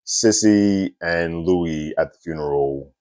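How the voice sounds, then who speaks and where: Brief: male reviewer, deep voice, dry close sound, chatty recap with fillers. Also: takes it slowly, darkish tone, no echo. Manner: loose and conversational, frequent fillers and little laughs. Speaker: TV episode reviewer.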